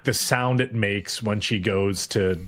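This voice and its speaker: Man animatedly retelling an episode. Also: on the low side. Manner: animated retelling, acting out lines in quick mock voices, swearing. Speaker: podcast co-host. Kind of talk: casual recap chat.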